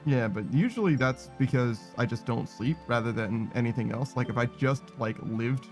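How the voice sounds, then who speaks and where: A man streaming a game, chatting casually with a friend, self-deprecating and quick to laugh. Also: medium pitch, faint music behind. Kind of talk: casual gaming stream chat.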